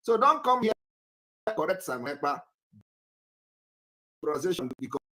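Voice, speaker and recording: Emphatic political commentator, scolding tone, bright and highly animated. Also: moderate pace, low-quality recording. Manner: emphatic, scolding, asks repeated rhetorical questions. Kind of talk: livestream commentary, lecturing viewers.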